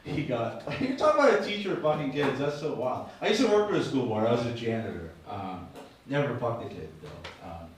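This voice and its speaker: Crude slurring comic in an echoey room. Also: male voice, mid-range voice, very animated, fairly quick, background noise. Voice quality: slight slur from dentures. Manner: crude, rambling, self-mocking. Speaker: open mic comedian. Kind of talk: stand-up crowd work. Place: small comedy venue. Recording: echoey room, mic far off.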